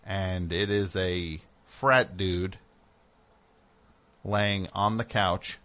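A middle-aged man hosting a show, telling a casual story and acting out the people in it with sudden loud outbursts. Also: deep voice, very slow. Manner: animated, acts out voices with loud outbursts. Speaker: host.

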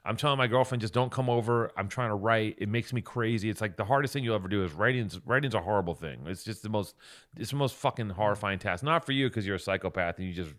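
A man co-hosting a podcast, telling a story in casual chat with heavy swearing and animated bursts. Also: on the low side, fast talker. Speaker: podcast co-host.

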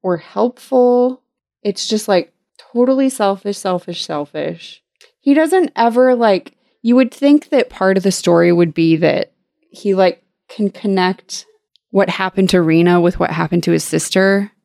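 A woman's voice: mid-range voice, unhurried, gravelly, darkish tone, no echo, studio quality. A woman co-hosting a casual podcast, ranting in a sarcastic, profane way. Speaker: podcast co-host.

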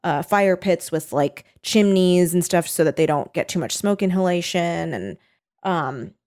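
A woman's voice: a little slow, a little mellow. Chatty woman telling a story. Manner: chatty, fillers, acts out quotes in squeaky high voices. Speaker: co-host recounting a reality show. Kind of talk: casual chat.

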